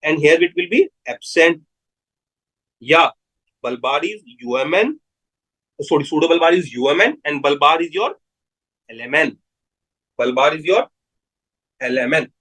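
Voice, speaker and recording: A man's voice: fairly high pitch, lively intonation, a little slow, long pauses, a bit bright, slightly rough, poor audio. A man with an Indian English accent giving a live medical lecture, repeating key terms and putting questions to his students.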